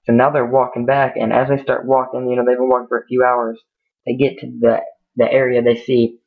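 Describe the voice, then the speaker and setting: A man tells a spooky war story off the cuff, rambling and restarting often. His voice is fairly flat and mid-pitched. The audio is tinny, like a phone line. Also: brisk, creaky. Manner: rambling, many fillers and restarts. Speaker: amateur storyteller. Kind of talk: casual improvised storytelling.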